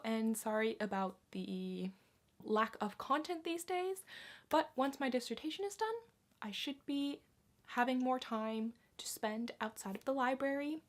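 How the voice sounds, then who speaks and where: A woman in her twenties with a fairly high voice hosts a relaxed vocabulary lesson. She says each word slowly and carefully several times, then adds friendly asides for her viewers. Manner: repeats each word slowly and clearly for learners. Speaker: language teacher and channel host. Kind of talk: casual language lesson.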